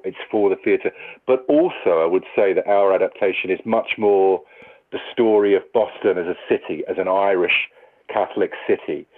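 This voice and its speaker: A male actor answering interview questions in a thoughtful, rambling way, with many restarts. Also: deep voice. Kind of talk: conversational interview. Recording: tinny phone-like line.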